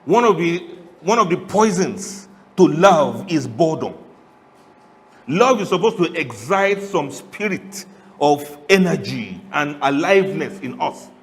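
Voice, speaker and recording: Animated man preaching with laughs. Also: on the high side, measured pace, long reverb tail. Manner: animated, humorous, laughs often, asks the audience questions. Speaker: Islamic preacher. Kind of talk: lively sermon.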